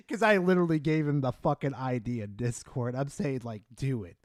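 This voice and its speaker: A young man streaming live, excitable and swearing, swinging from loud shouts to low mumbles. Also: moderate pace, no room sound, studio quality. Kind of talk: casual live-stream chat.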